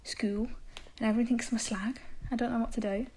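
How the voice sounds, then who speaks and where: Caller in a put-on Brummie accent. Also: female voice, a little high, steady tone, brisk, warm tone, slightly rough, rough recording. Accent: put-on Brummie slipping into generic British. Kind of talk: voice message to a podcast.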